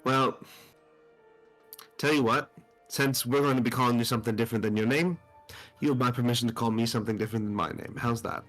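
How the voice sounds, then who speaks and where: Man, tabletop player, halting in-character talk, faint music, mid-range voice. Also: medium pitch, fairly bright tone. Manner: halting, hesitant, laughing easily. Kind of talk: in-character tabletop role-play.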